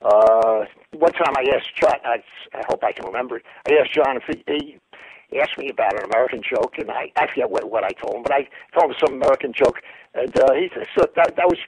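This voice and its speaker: An older man, a former news reporter, telling anecdotes haltingly as an interview guest. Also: medium pitch, husky, no room sound, poor audio. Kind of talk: storytelling interview.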